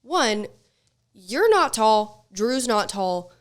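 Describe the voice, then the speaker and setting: A woman's voice: fairly high pitch, very animated, drawn-out words. A young woman hosting a podcast in casual chat, blunt and swearing freely as she tells stories. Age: young adult. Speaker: podcast host.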